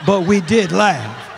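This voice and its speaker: A man's voice: high voice, a little hiss or hum. A middle-aged man preaching as a guest minister, exuberant and laughing often, calling out to the congregation in a church. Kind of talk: sermon. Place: church sanctuary. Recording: long church reverb.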